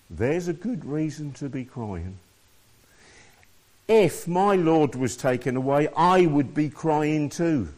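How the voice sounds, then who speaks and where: Slow, higher-voiced male preacher. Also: animated, darkish tone. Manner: reads scripture aloud and explains it to listeners. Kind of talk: sermon.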